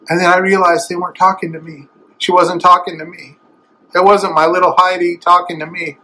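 A man's voice: sits high, steady tone, a little fast, pushed and bright, low-quality recording. A middle-aged man preaching a sermon, speaking tenderly and with strong emotion that swells to emphatic. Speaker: evangelist.

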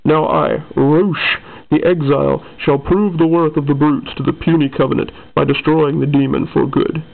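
A vengeful exiled alien brute commander, read by a man with a gravelly, low growl. He gloats and barks orders over a tinny, phone-like line. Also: steady tone, normal speed. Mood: gloating.

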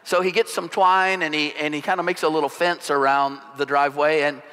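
A male pastor preaching a sermon in a relaxed, conversational, joking storytelling manner. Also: a little high, brisk. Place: church sanctuary. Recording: long hall reverb.

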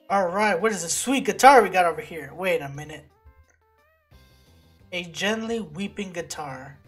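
A woman giving casual gameplay commentary, excitable and swearing as she reacts to setbacks. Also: lowish voice, normal speed. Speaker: let's play gamer. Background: game music.

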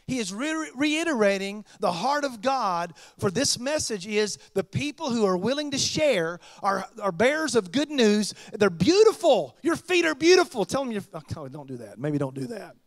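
A man preaches to his congregation, his voice sitting high for a man. He slips into chatty, joking asides between points. The sound is close and dry with no room echo. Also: sing-song, normal speed, few pauses. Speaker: pastor. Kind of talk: sermon.

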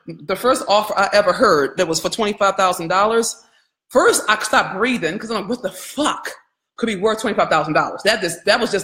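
A woman business coach giving a live training, candid and animated, swearing freely and calling her audience y'all. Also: mid-range voice, reverberant.

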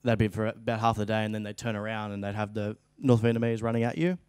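A young Australian man chats as an interview guest, telling loose, rambling stories with plenty of fillers. His voice sits on the low side and sounds smooth and clear. The studio sound is dry and close. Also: fairly even intonation, fast, darkish tone, no echo. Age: young adult. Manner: rambling storytelling, frequent fillers. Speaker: actor guest. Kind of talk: casual interview chat.

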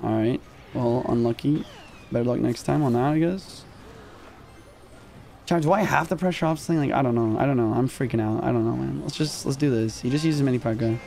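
A young man commentating his own live gameplay in casual slang, excitable and quick to yelp when rattled. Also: medium pitch, creaky. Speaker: gaming streamer. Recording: music underneath.

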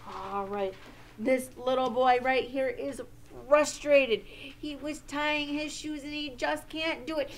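Female early-childhood teacher, slow deliberate delivery, bright higher voice, faint room hum behind. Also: steady tone. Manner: slow, sing-song, exaggerated teacher voice for little kids. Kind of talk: social-emotional lesson for young children.

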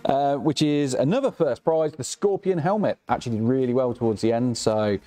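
A man's voice: mid-range voice, a little fast, dark tone. A man with an English accent co-hosting a live prize draw, upbeat and teasing as he reads out questions and prizes. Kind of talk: casual banter. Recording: faint background music.

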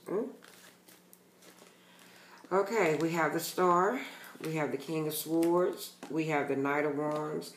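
A man's voice: a little high, slow, long pauses, echoey room, noisy background. A man giving a casual tarot reading to his channel's viewers, talking bluntly and emphatically and swearing freely. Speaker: tarot reader.

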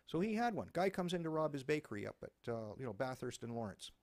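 Brief: male host, sarcastic profane ranter, gravelly edge, swooping delivery. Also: medium pitch, fast talker. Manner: animated, sarcastic, profane ranting. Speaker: talk show host. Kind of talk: ranting commentary.

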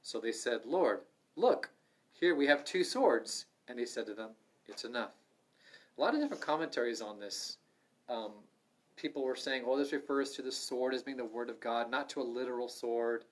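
A middle-aged man leading a livestreamed Bible study, earnest and conversational, swinging from loud urging to soft asides. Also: medium pitch, a little fast. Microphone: livestream microphone.

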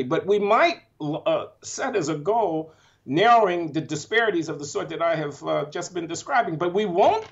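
A man's voice: on the high side, highs cut off. An older man, an economics professor, answering interview questions emphatically, with building repetition and open feeling.

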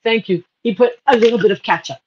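Speaking quickly in a somewhat high, slightly mellow voice, this Bahamian cooking-show host chats and laughs live on air. Her talk turns tearful and spiritual at moments, full of emotion. Faint noise sits under slightly dull audio.

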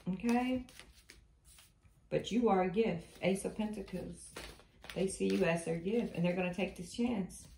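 A woman's voice: medium pitch, unhurried, vocal fry. Emphatic woman giving a tarot reading. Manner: emphatic, repetitive, animated storytelling. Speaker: tarot reader. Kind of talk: spiritual tarot reading to viewers. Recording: echoey room, faint noise.

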